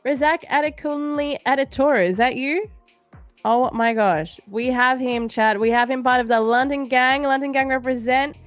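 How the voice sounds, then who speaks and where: A woman's voice: sits high, fairly even intonation, normal speed, no room sound, soft background music. Playful woman hosting a trading livestream. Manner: playful, laughs often, teasing. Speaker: livestream trading show host. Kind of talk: casual live-stream chat reading comments.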